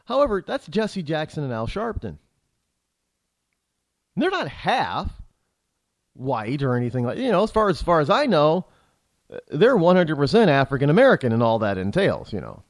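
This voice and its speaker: A man's voice: fairly high pitch, very animated, normal speed, pauses often, no room sound. A man hosting a talk show, delivering a rambling, indignant political commentary monologue full of restarts and repeated words.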